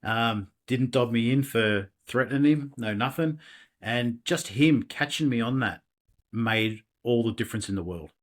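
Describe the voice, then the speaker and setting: A man's voice: mid-range voice, measured pace. A middle-aged man, a podcast guest, candidly telling his life story in a rambling way with many restarts. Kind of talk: personal storytelling in an interview.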